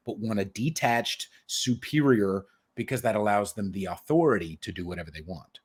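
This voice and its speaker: A man's voice: fairly low pitch, expressive, moderate pace, breathy edge. A man hosting a podcast in casual chat, rambling and cursing as he jokes. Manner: rambling, profane, joking. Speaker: podcast host. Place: home studio in New York.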